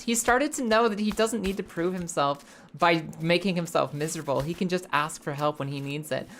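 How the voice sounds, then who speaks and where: A young woman streaming a game, chatting in a rambling, animated and profane way. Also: fairly low pitch, slight background noise. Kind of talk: casual live game stream chat.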